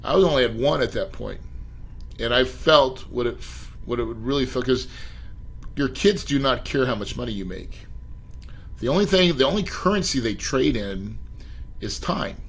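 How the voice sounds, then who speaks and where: A middle-aged man speaks as a podcast guest, at an everyday pitch. He tells his story with emphatic bursts and keeps turning to address the host. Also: expressive, moderate pace, breathy edge, poor audio. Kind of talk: storytelling interview.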